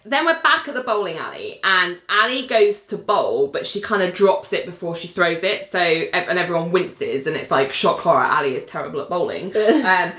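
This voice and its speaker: Woman gabbing about a tv episode, lively pitch, lots of "like", echoey room. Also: normal speed, hardly any pauses. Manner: chatty, lots of fillers, acts out quotes. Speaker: podcast co-host recapping a show. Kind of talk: casual chat.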